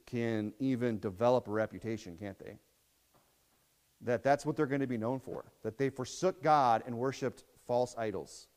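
A man delivers a sermon in a loose, chatty manner, breaking up scripture readings with asides and tag questions. His voice sits at a middling pitch. A long reverb trails each phrase, as in a church hall. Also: a little mellow. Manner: reads scripture aloud in King James wording. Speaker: pastor.

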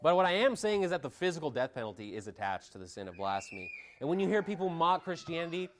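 A man preaching a sermon, reading scripture aloud and stressing points with sharp rises in pitch and volume. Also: sing-song, fast talker, a little hiss or hum. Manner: emphatic, dynamic pitch swings, reads scripture aloud.

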